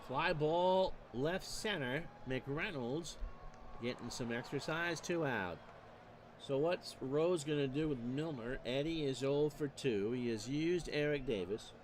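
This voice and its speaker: A man calling baseball play-by-play for a streamed replay, measured and stat-heavy with dry asides. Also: a little high, slight background noise. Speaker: play-by-play announcer.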